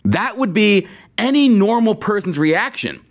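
A man hosting a political podcast, talking off the cuff in a sarcastic, animated way. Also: sits high, unhurried. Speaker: podcast host. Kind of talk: unscripted political commentary.

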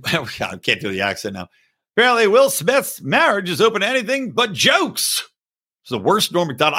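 Male podcast host, thirties, slightly high husky voice, profane mocking commentary. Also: fairly bright tone. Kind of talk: opinionated commentary.

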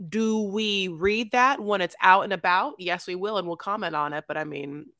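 A woman co-hosting a casual podcast about a reality TV show, talking emphatically and rambling, with sudden high outbursts. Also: moderate pace, sharp tone, dry recording, studio quality. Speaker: podcast co-host. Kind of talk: casual reality TV recap chat.

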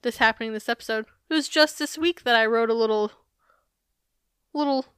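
A bright, clear woman talking into a close, dry mic. She recaps a show with sarcastic, profane humor, telling it like a story to her co-host. Her voice sits fairly high and rings crisp. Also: fairly quick, no room sound. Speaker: podcast co-host. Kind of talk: casual chat recapping a TV show.

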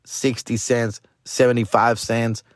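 A man tells a story on his podcast in loose, slangy talk that drifts into Spanish. His voice sits at a middle pitch and sounds dry and close. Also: unhurried, dry recording. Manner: slangy, mixing Spanish into English, animated retelling with jumps to high voice. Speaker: podcast host. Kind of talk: casual storytelling.

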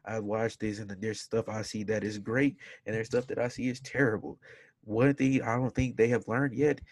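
A man's voice: fairly low pitch, fairly even intonation, normal speed. A man co-hosting a casual wrestling podcast, ranting emphatically and repeating words as he makes his points. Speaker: podcast co-host.

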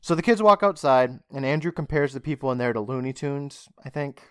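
A man's voice: medium pitch, fairly quick, clean tone, no echo, studio quality. A man co-hosting a podcast, casually retelling a show's plot and acting out the characters' lines. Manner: animated retelling, acts out lines. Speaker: podcast co-host. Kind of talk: casual recap chat.

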